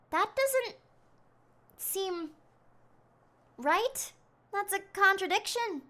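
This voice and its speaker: A woman streaming a mystery game, chatting excitably and thinking out loud as she investigates. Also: sits high, moderate pace, pauses often. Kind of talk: live game commentary.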